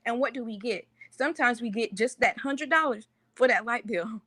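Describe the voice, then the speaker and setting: A woman guest on a call-in show, speaking in a calm, encouraging, motivational way. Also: on the high side, moderate pace, slight background noise. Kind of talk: motivational talk.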